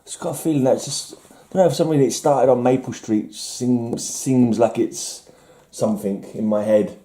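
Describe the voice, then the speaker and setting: A man's voice: medium pitch, normal speed, mellow, roomy sound. A man casually rambling through his comic haul, musing aloud and mocking himself as he goes. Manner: musing, self-mocking, trailing off. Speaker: comic collector showing a haul.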